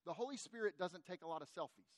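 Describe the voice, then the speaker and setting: A middle-aged man, a pastor, preaching a sermon in a conversational, animated way and speaking directly to his congregation. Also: high-pitched, fast talker, dry recording.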